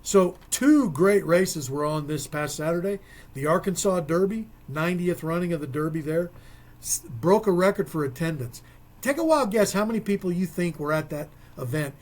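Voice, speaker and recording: A man's voice: on the high side, animated, normal speed. A man co-hosting a local sports radio show, talking casually with folksy, rambling asides.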